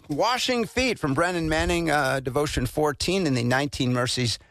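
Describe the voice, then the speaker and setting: A man hosting a morning radio show, reading daily history items and a devotional in a plain, steady way. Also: fairly high pitch, normal speed, no room sound. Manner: reads with plain, steady delivery and fillers.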